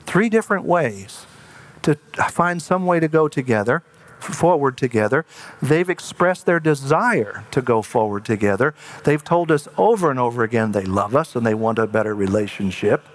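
Guy giving a sermon, earnest, medium voice, gets slow and hushed to make a point. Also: medium pitch, expressive. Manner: earnest, slows and drops to a hush for emphasis. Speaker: preacher.

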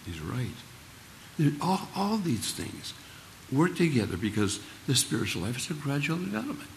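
A man's voice: on the low side, sing-song, moderate pace, gravelly, a little hiss or hum. An older man preaching a sermon in a folksy, humorous storytelling manner.

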